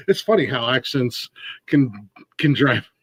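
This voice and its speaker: A man's voice: mid-range voice, expressive, slow, fairly bright tone, breathy edge, dry recording. A man from Ohio hosting a casual podcast interview, rambling with many restarts and fillers. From Ohio, USA. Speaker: podcast host.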